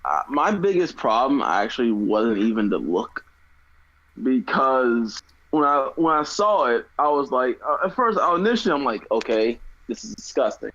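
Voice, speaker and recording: A man co-hosting a casual podcast chat, animated and swearing often, with stumbling restarts. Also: medium pitch, normal speed, dry recording, highs cut off. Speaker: podcast co-host.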